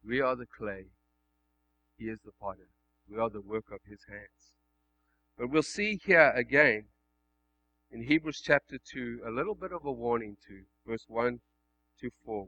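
A male pastor delivering a sermon, swinging between loud emphatic passages and hushed, quiet ones. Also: mid-range voice, lively intonation, a little slow, pauses often, dull audio.

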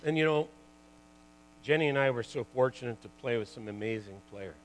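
A man in his sixties, a former pro hockey player, telling lively stories to an audience, full of "you know" and "like" and laughing at his own tales. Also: medium pitch, fairly quick, poor audio. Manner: chatty, lots of "you know" and "like". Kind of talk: storytelling talk to an audience.

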